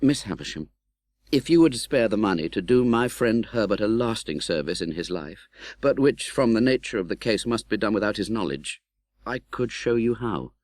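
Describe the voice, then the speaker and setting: A man reading an audiobook in scripted narration, expressive and dramatic, voicing the young hero's pleas. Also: on the low side, moderate pace, no echo.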